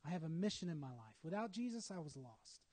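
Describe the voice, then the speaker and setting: A man's voice: on the high side, very animated, fast, warm tone. A man preaching a sermon, telling a story dramatically with acted asides.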